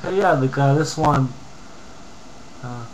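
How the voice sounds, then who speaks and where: A man's voice: medium pitch, a little slow, slight background noise, poor audio. A man from Canada ranting angrily on a home vlog, reading comments aloud with lots of profanity and mumbled asides. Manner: angry, profane, heated rant with mumbled asides. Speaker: vlogger.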